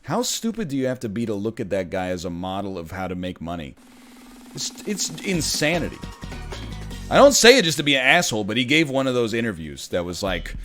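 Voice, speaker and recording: A man in his thirties giving casual gameplay commentary, chatty and prone to sudden excited yelling. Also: medium pitch, a little fast, faint music behind. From Canada. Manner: animated, jumps from chatty riffing to excited yelling at the game. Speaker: gaming commentator.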